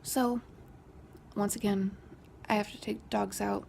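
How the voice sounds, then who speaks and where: In an unhurried, fairly even mid-range voice marked by gravelly fry, a young woman vlogger relates a story in a relaxed way, often half-whispering. Her whispery narration grows louder when quoting an argument, over a slight hiss or hum.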